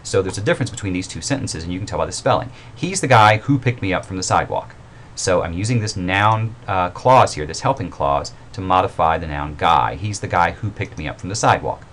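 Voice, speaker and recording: Low-voiced man giving a casual grammar lecture. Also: lively intonation, a little fast, hardly any pauses, a bit bright, a little hiss or hum. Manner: informal and explanatory, with fillers and self-corrections. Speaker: writing instructor. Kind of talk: recorded mini-lecture.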